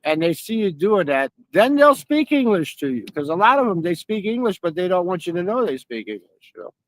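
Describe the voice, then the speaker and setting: A man's voice: sits high, sing-song, brisk, no echo. A man hosting a stream, telling rambling, profane stories in casual chat. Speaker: stream host.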